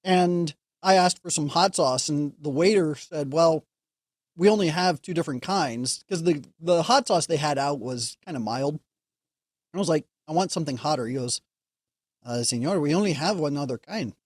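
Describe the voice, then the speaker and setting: A man's voice: fairly high pitch, moderate pace, no room sound, studio quality. A man, a guest on a talk show, telling a story in casual chat and acting out the lines of the people in it. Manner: animated storyteller, acts out dialogue.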